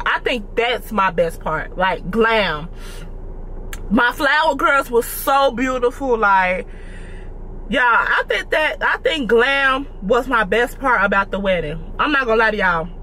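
Bright-voiced young woman vlogger. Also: fairly high pitch, animated, measured pace, slight background noise. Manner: chatty, addresses viewers as y'all. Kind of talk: casual mukbang chat to viewers.

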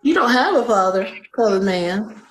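A woman's voice: medium pitch, lively intonation, normal speed, faint music behind. A woman from Louisiana with a rural country accent, hosting a livestream with brash, crude, teasing banter and mock-pious talk. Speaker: livestream host. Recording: echoey room.

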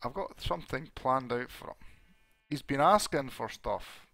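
A Scottish man hosting a Minecraft let's play in casual, excitable commentary, his voice hoarse as it recovers. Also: medium pitch, a little slow, no room sound. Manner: chatty and excitable, laughs often.

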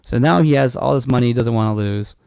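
A man's voice: mid-range voice, fast talker, vocal fry, a little mellow, clean tone, no echo, clean studio sound. A man co-hosting a movie podcast, talking casually in a rambling, profane way with many restarts. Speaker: podcast co-host.

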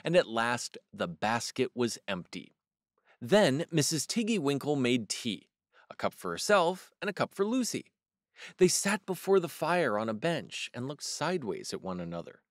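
A man hosting storytime, reading a children's picture book aloud with expressive, unhurried narration. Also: mid-range voice, no echo, clean studio sound. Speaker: storytime host.

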